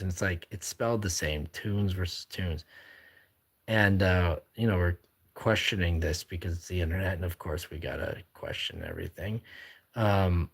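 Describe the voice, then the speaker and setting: Streamer host, male, deep husky voice, loose rambling chat while drawing, reads comments aloud. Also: fairly bright tone. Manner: reads viewer comments aloud and chats back.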